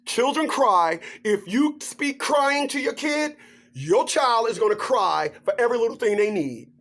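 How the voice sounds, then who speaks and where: A man vlogger ranting to camera in a joking, animated way, laughing through his points. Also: extremely high pitch, measured pace. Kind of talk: comedic rant to camera.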